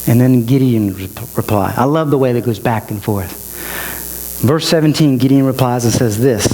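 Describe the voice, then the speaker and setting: A man's voice: mid-range voice, normal speed, warm tone. A male pastor preaching a sermon with emotion, his voice climbing as he builds to each point. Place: church. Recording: reverberant hall with mains hum.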